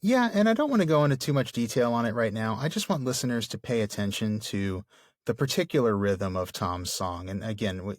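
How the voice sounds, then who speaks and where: A man's voice: on the low side, lively intonation, brisk, no echo, clean studio sound. A man co-hosting a podcast, explaining a book thoughtfully in casual talk, with many fillers. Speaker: podcast co-host. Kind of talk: casual literary discussion.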